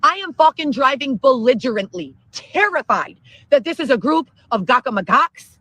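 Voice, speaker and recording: A woman telling a long profane story in an excitable livestream rant. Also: sits high, normal speed, no room sound, poor audio. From Chicago area, Illinois. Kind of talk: ranting livestream monologue.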